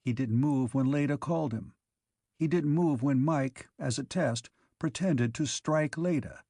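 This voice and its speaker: In clean studio sound with a dry recording, a mid-range male voice reads a science fiction audiobook. His storytelling stays measured and even throughout.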